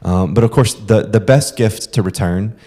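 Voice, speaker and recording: A man's voice: on the low side, normal speed, mellow. A young man co-hosting a podcast, explaining practical tips to listeners in a casual way with frequent "um". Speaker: podcast co-host.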